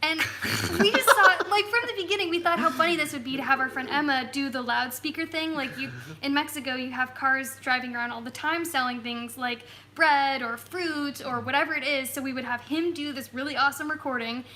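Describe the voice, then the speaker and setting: A woman's voice: high voice, brisk, pushed and bright, slight background noise. A woman hosting a casual travel live stream from home on a phone, bubbly and giggly. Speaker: travel vlog host.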